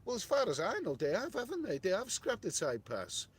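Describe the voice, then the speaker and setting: A middle-aged man chats loosely on a live stream from a hotel room. His voice sits a little high, and he repeats himself and restarts his sentences as he answers viewers. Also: huge pitch swings, brisk, breathy edge. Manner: chatty, rambling, repeats words and restarts, says mate. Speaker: travel livestream host reading viewer chat. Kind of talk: casual live-stream chat.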